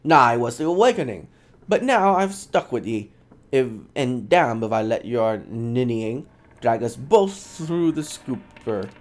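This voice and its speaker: A man's voice: medium pitch, very animated, measured pace. A man voicing a defiant woman spirit who shares an elf's body, in an attempted Scottish accent with a scornful, brash manner.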